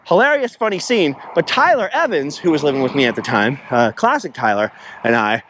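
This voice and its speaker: A man telling a rambling road-trip story in a casual vlog, animated and chatty, slipping into quotes and impressions along the way. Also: on the high side, a little fast, slight background noise. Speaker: travel vlogger. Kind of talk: casual storytelling while driving.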